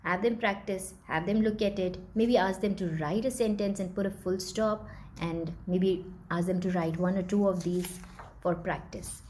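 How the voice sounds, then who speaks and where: A woman's voice: medium pitch, steady tone, moderate pace, darkish tone, slight background noise. A woman teacher, patiently explaining step by step how to teach a young child.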